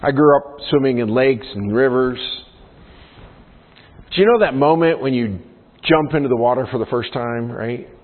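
A man's voice: mid-range voice, animated, normal speed. Man preaching, earnest sermon delivery, tinny narrow sound, long hall reverb. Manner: earnest, asks the congregation many questions. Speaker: pastor.

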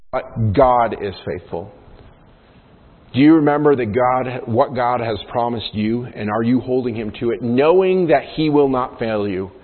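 Man preaching, earnest sermon delivery, tinny narrow sound, long hall reverb. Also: mid-range voice. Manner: earnest, asks the congregation many questions. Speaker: pastor.

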